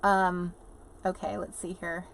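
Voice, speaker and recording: A woman's voice: on the low side, level tone, slow, creaky. Chatty woman livestreaming from an RV. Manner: chatty, rambling, laughs often, reads viewer comments aloud. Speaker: livestream host. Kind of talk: casual live chat with viewers. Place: inside an RV.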